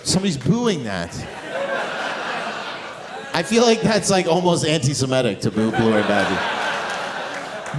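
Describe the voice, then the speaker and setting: A man's voice: medium pitch, big pitch swings, measured pace, long pauses. Man, stand-up comedian, from Canada, profane and brash, live club recording, crowd noise. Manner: brash, profane, shifts into mocking voices. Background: audience laughter and cheering.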